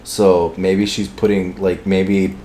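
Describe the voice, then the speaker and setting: A man's voice: low voice, flat delivery, slow, dark tone, slight background noise. A man in casual conversation with a co-host, commenting on comic panels in a laid-back way. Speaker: podcast co-host reviewing manga. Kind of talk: casual chat.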